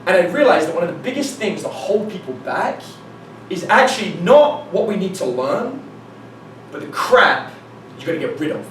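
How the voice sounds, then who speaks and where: A man's voice: high-pitched, very animated, normal speed, fairly bright tone, slight background noise. Guy doing a seminar talk, tells stories and acts out the dialogue, swears casually, roomy echo, heard from across the room. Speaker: dating coach giving a presentation. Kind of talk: live seminar talk with anecdotes. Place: meeting room with an audience. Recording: echoey room from a distance, faint ambience.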